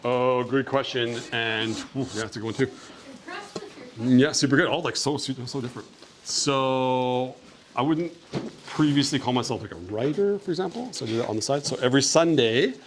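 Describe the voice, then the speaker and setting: Over slight background noise, a young man's mid-range voice comes through. He's from Canada and is casually telling a school class about his travels and fielding their questions, friendly and upbeat, with many "like" fillers.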